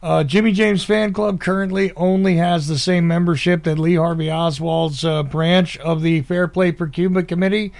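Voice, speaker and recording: A man's voice: a little high, fairly even intonation, moderate pace, vocal fry, few pauses, a little mellow. A man hosting a casual call-in podcast, chatty and laughing often between his fillers. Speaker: podcast host.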